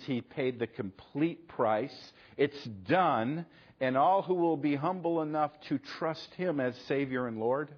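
Middle-aged male pastor, husky voice, dull lo-fi sermon recording, chatty delivery. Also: medium pitch. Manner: conversational, acts out quoted exchanges, frequent "okay?".

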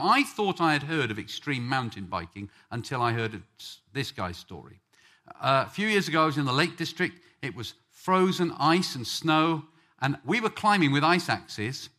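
Male preacher from England, bright and animated, chatty with his congregation. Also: on the high side. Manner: lively, joking with the congregation. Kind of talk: sermon with audience banter.

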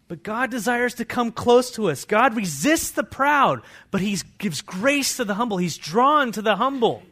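A pastor preaching a sermon, moving between hushed, intimate passages and loud, fervent scripture readings. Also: male voice, sits high, expressive, moderate pace, few pauses. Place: church.

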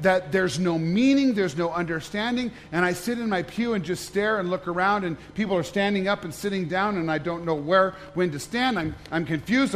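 A man's voice: high-pitched, a little hiss or hum. A man, a pastor, giving a conversational sermon, joking and asking the congregation questions.

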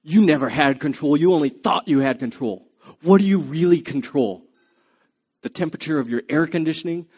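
A man's voice: medium pitch, animated, normal speed, darkish tone, close to an everyday voice. A preacher playing an intense older male prisoner scientist who barks taunting questions at his captive. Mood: menacing. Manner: taunting, barking rhetorical questions.

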